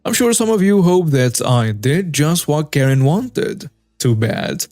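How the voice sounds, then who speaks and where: Male narrator, slightly high voice, wry storytelling, faint music bed. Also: sing-song, measured pace, a little mellow, no room sound. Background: faint background music.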